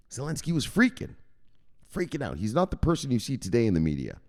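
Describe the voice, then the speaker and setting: A man's voice: mid-range voice, very animated, a little fast, gravelly, pauses often, darkish tone. A man hosting a crypto news channel, telling a profane comic tall tale in a conspiratorial tone. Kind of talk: casual comic storytelling.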